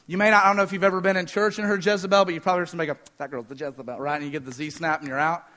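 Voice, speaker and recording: A man preaching a sermon, fast-talking, energetic and joking with the congregation. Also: on the high side. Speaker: pastor.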